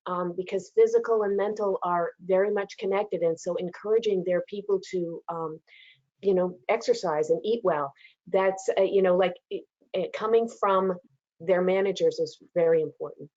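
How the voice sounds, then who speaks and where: A woman's voice: fairly low pitch, normal speed, a little mellow. A woman panelist in a casual webinar discussion, chatty, with frequent fillers and laughter, heard over a video call. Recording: dull lo-fi call audio.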